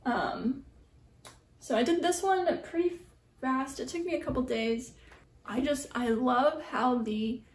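In her small home art studio, a young printmaking artist rambles casually for her vlog, dropping lots of ums and likes. Her voice sits high and her pace is measured. The room is echoey, the mic is placed at a distance, and there's a little hiss or hum.

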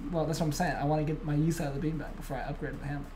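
A man's voice: a little high, level tone, racing, a little mellow, slight background noise. A young man co-hosting a podcast in casual chat, laid-back and swearing a lot, calling his friend bro and dude. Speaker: podcast co-host.

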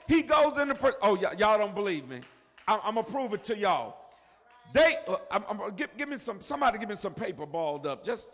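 An older man preaching a sermon, moving between quiet asides and shouted lines. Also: high voice. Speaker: pastor. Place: church sanctuary. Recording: long reverb of a large hall.

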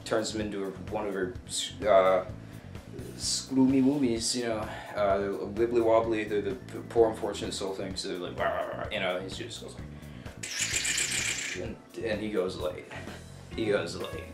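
A man's voice: sits low, a little slow, soft background music. Rambling young man in an echoey room. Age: young adult. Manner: rambling, self-interrupting, jokey. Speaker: student video maker. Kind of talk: casual rambling narration.

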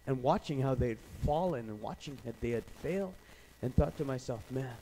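A man from Canada preaching a sermon as pastor, telling stories with animated energy and acting out the voices of people he quotes. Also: medium pitch, fairly quick, slight background noise, rough recording.

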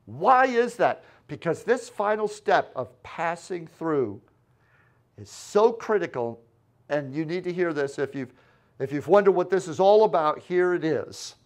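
A pastor preaching a sermon with an animated delivery, acting out the quoted lines with dramatic voices. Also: male voice, on the high side, unhurried.

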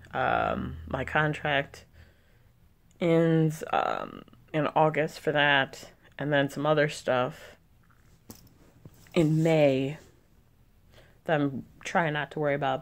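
A woman's voice: low-pitched, gravelly. A young woman vlogging casually, venting in an irritated way and swearing often. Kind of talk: casual vlog chat.

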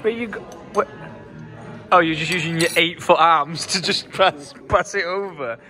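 A man's voice: fairly high pitch, normal speed, pushed and bright, soft background music. A man, chatting and joking with friends over dinner in a restaurant, laughing often. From England. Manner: jokey, laughs a lot, teasing banter. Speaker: vlogger. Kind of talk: casual chat over dinner.

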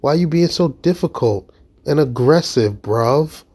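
A man's voice: a little high, expressive, measured pace, darkish tone, slightly rough. A man giving casual, incredulous commentary over a video clip. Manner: incredulous, judgmental. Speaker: reaction commentator.

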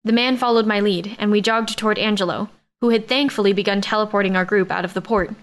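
A woman's voice: mid-range voice, fast talker. Woman reading a sci-fi romance audiobook. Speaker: audiobook narrator. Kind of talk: scripted first-person narration.

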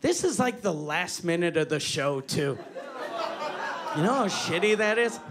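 A man's voice: high-pitched, expressive, measured pace, a faint crowd. A man from Quebec doing a crude, self-mocking stand-up comedy set on a club stage, telling a story with lots of profanity. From Quebec, Canada. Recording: live club with loud audience laughter. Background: audience laughing.

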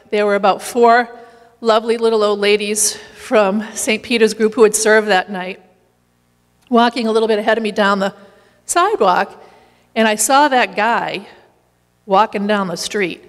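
A woman sharing a lively personal story in a church, laughing now and then as she talks. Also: mid-range voice, long reverb tail. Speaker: community meal volunteer leader.

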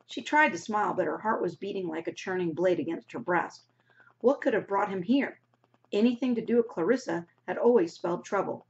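A woman's voice: mid-range voice, a little mellow. Woman teacher reading a novel aloud. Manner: pauses to explain words in a casual classroom way. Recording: dull lo-fi recording.

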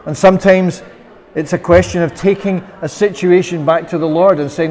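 A man's voice: high-pitched, fairly even intonation, normal speed, darkish tone. A Scottish man preaching a sermon as minister, earnest, sometimes voicing prayers with sudden passion. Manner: earnest, quoting prayers in an impassioned voice. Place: church. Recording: long church reverb.

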